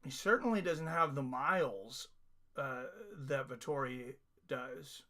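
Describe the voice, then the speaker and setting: A man's voice: mid-range voice, slow pace, sharp tone. A man hosting a live fight watch-along, chatting casually and reading viewer comments aloud. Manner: reads chat comments aloud, laughs often. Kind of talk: casual live stream chat.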